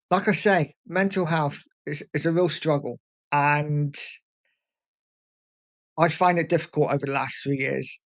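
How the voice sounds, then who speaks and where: A man in his forties from England, hosting a fan channel and talking candidly and earnestly to his viewers, often repeating "listen". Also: a little high. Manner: earnest, heartfelt and repetitive, often saying "listen". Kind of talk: candid vlog talk.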